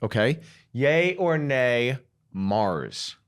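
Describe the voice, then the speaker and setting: A playful man in easygoing podcast banter, with a voice that swings up and down a lot. His pitch sits mid-range, and he tells stories in a friendly, buddy-to-buddy way. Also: sing-song, extremely slow, smooth. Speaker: podcast co-host. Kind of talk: casual comedic chat.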